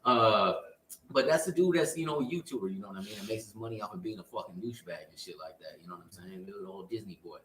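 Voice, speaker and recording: A man hosting a podcast, talking in a relaxed way full of fillers and asides. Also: lowish voice, fast, recorded from a distance, a little hiss or hum. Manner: relaxed, filler-heavy talk. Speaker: podcast host. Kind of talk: casual chat. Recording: roomy sound from away from the mic.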